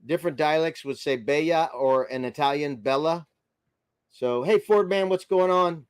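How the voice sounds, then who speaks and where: A friendly American man hosts a casual livestream, reading out comments and greeting viewers one by one. His voice sits a little higher than most men's. It sounds dry and close, with no room echo. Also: normal speed, clean tone. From United States. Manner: friendly, chatty, greets viewers by name and muses aloud. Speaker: livestream host.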